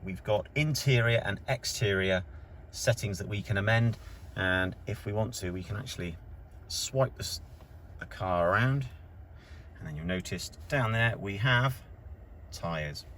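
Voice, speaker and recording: A man's voice: lowish voice, bright, forceful tone, a little hiss or hum. A man from a car dealership giving a casual how-to demonstration from inside a car, explaining plainly step by step as he points things out. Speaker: car dealership staff presenter.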